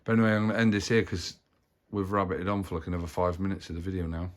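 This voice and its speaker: A man's voice: deep voice, steady tone, rapid-fire. A man hosting a family vlog, talking in a rambling, matter-of-fact way. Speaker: vlog host, parent. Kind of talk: casual chat to camera.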